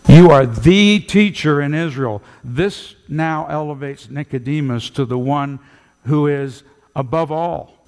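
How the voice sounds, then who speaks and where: A man's voice: a little high, unhurried. Man preaching in a reverberant hall. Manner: emphatic, animated preaching with dramatic emphasis. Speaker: pastor. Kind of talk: sermon.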